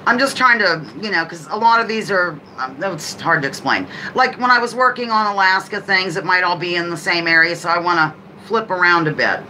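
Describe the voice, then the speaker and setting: A woman hosting a live trivia game on a stream, chatting casually, greeting viewers by name and reading each question out slowly. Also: on the low side, lively intonation, bright, forceful tone, slight background noise, rough recording. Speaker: livestream host.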